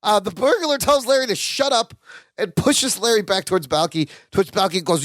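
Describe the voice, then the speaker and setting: A man co-hosts a casual podcast and acts out the characters' lines as he recaps. His voice is high for a man and swoops up and down, and the close mic sounds dry with no room around it. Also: normal speed, no echo. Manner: animated, acts out quoted lines. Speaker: podcast co-host.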